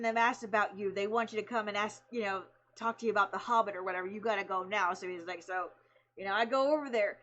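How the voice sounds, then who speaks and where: A woman streamer telling a long anecdote in casual chat, rambling and animated, with lots of fillers. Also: medium pitch, highs cut off. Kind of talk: casual storytelling.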